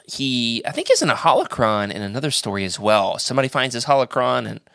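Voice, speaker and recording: Animated, enthusiastic man hosting a podcast. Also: mid-range voice, creaky, smooth, no echo, studio quality. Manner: enthusiastic, animated, quick jokes. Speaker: podcast host. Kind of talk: casual roundtable chat.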